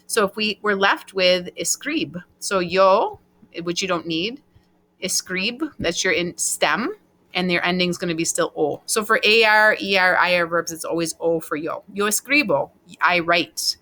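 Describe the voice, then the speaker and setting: A woman's voice: fairly low pitch, moderate pace, bright, forceful tone. A woman teacher giving a recorded Spanish class, patiently explaining verb endings step by step and spelling them out letter by letter.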